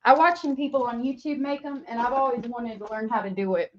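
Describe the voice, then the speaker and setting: A woman's voice: fairly high pitch, brisk, dull audio, a little hiss or hum. A woman hosting a livestream, chatting casually and gushing as she greets viewers by name. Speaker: livestream host. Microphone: webcam mic.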